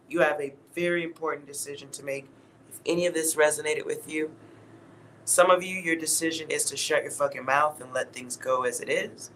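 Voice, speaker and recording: A man's voice: on the high side, steady tone, brisk, fairly bright tone, slight background noise, low-quality recording. A man giving a casual, blunt tarot reading to his viewers, laughing at himself and swearing now and then. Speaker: tarot reader.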